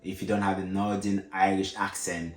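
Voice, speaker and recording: A man's voice: sits low, little pitch movement, normal speed, reverberant. A man with an African accent, explaining things to viewers in a casual, repetitive way with frequent fillers. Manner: casual, repeats himself, many fillers. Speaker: vlogger.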